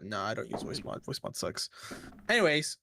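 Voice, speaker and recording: A man's voice: mid-range voice, big pitch swings, normal speed, creaky, noisy background. A man playing in a tabletop game over voice chat, laid-back and offhand. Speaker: tabletop player.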